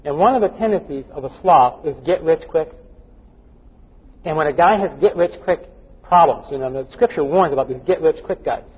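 A man's voice: fairly high pitch, animated, moderate pace, husky. A male pastor preaching a folksy, joking sermon full of anecdotes, recorded in a dull, echoey church hall. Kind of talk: storytelling sermon.

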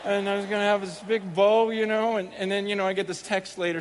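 A pastor with a high, light voice for a man tells a rambling family story from the pulpit, stumbling through restarts and poking fun at himself. He acts out his own thoughts with a joking lilt. A faint hum of noise sits under the voice. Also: level tone, quick pace, hardly any pauses, in a large hall. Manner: rambling, self-deprecating storytelling with many restarts. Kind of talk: sermon opening with a personal story.

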